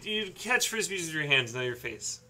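A man's voice: fairly high pitch, sing-song, moderate pace, sharp tone, heavily acted. A man voicing a friendly middle-aged dad in a dating game, with a put-on Midwestern accent and a chipper, folksy delivery.

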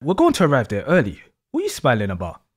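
A hot-headed young boyfriend, blunt, crude and quick to threaten, as a man plays him. His voice drops below the performer's usual pitch. It is a gruff comedy sketch voice. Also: huge pitch swings. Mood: irritated. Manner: blunt, swearing, aggressive.

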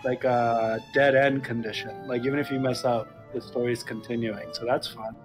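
An excitable streamer in animated, jokey let's-play chat with a co-player. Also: medium pitch, normal speed, over music.

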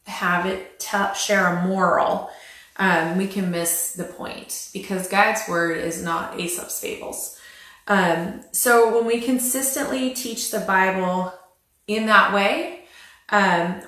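A woman's voice: mid-range voice, a bit bright. A woman giving casual spoken Bible teaching, chatty and wry, retelling scripture with dry sarcasm and frequent filler words. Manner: frequent "um" fillers and light laughs. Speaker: Christian family Bible teacher. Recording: very echoey room.

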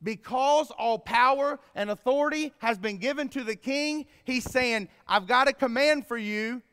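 High-voiced preacher in echoing hall. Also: male voice, clean tone. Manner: preaching with sudden loud emphatic bursts. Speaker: pastor. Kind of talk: sermon. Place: church sanctuary. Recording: long reverb in a church hall.

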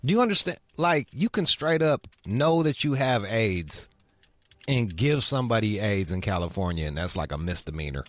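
A man hosting a show, talking in a casual, profane way that rises into loud outrage. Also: fairly low pitch, moderate pace, no room sound. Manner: animated, swearing, rising into loud outrage. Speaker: show host.

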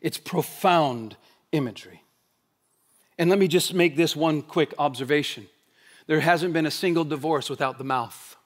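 Higher-voiced man preaching with loud-quiet swings. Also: moderate pace. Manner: animated preaching, rhetorical questions, swings between loud emphasis and hushed quiet. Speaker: pastor. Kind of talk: sermon. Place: church sanctuary.

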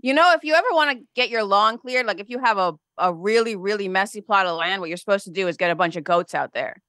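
A woman's voice: medium pitch, fast, a bit bright, dry recording, studio quality. A woman co-hosting a podcast, talking plainly in casual chat and bringing up news stories. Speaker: podcast co-host.

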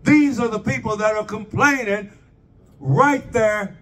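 A man's voice: sits high, unhurried, a bit bright, far from the mic. A man preaching a sermon, asking the congregation rhetorical questions and drawing their responses.

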